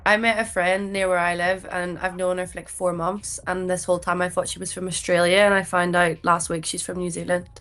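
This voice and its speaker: Lower-voiced young woman, relaxed chat. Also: fairly quick, hardly any pauses. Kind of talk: casual live-stream chat. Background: faint music.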